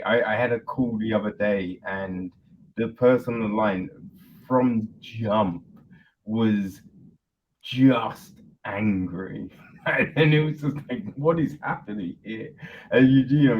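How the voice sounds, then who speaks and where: A man hosting a podcast, chatting in a relaxed conversational way, often saying "you know". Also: on the low side, a little slow, dull audio, slight background noise. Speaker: podcast host.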